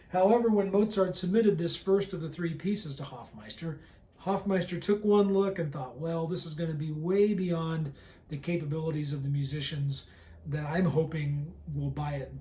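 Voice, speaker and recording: Mellow man lecturing in an echoey room. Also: on the high side. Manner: relaxed, conversational explaining, sings phrases along with music. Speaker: cellist and artistic director giving a pre-concert lecture. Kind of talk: informal pre-concert lecture. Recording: echoey room with faint music.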